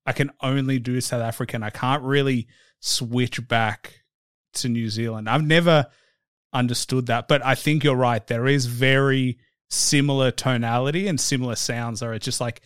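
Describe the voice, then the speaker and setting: A man's voice: mid-range voice, fairly even intonation, moderate pace, clear, resonant tone, no echo, clean studio sound. An Australian man hosting a podcast, chatting casually and playfully with his guest. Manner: chatty, playful, mimics accents. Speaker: podcast host. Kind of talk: casual interview chat.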